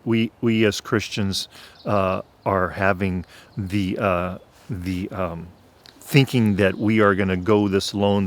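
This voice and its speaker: A man telling his faith testimony on his own channel in an earnest way, clearing his throat at times. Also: low-pitched. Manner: slow, earnest, preacher-like. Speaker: channel host.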